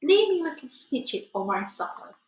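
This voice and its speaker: A woman's voice: sits high, big pitch swings, fairly quick, slight background noise, voice pushed up. A woman reading aloud and voicing a kind, nervous male giant who talks eagerly in jumbled made-up words. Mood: coaxing. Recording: echoey room.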